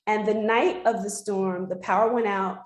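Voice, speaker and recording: A woman speaks in an earnest, heartfelt way, sharing a personal story as an interview guest. Her voice sits at an ordinary middle pitch. The room around her is echoey and reverberant. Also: fairly even intonation, moderate pace. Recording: roomy echo.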